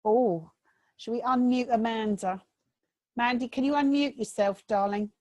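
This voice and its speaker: Woman medium on a video call: chatty, reassuring, slightly high, dry and close. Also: unhurried, a little mellow, no room sound, low-quality recording. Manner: chatty, reassuring, relays messages. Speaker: spiritualist medium.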